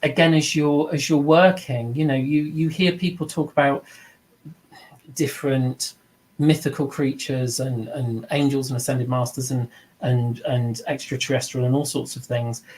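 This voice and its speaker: Guy teaching mediumship, middle-aged, earnest and thoughtful, does little voices when quoting people, mid pitch. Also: fairly even intonation, normal speed, a little mellow, poor audio. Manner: earnest, reflective, acts out quoted voices. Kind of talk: informal spoken teaching.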